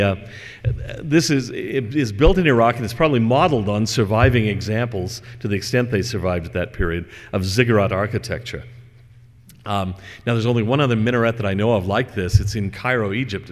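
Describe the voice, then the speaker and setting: Man, religious lecture, low voice, measured conversational delivery, long hall reverb. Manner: measured, conversational with fillers and asides. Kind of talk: religious lecture with scripture reading.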